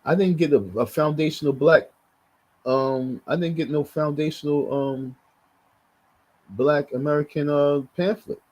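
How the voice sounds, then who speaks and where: A man's voice: on the high side, steady tone, unhurried, darkish tone, rough recording. A man giving heated, blunt live commentary, repeating himself as he reacts. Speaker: livestream commentator.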